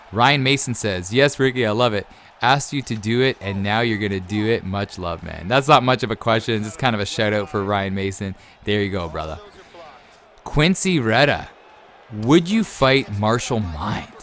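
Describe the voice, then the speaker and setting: A man's voice: lowish voice, a bit bright, a little hiss or hum. A man in his thirties hosting his gaming channel, answering viewer questions in a chatty, enthusiastic way and often tacking on "man". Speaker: YouTube gaming channel host. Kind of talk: casual Q&A chat to viewers.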